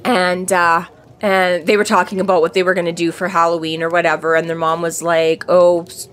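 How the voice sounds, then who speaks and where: A woman co-hosting a casual podcast chat, telling stories and putting on squeaky voices for the people she quotes. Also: brisk. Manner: animated storyteller, jumps into squeaky quoted voices. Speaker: podcast co-host. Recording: faint background noise.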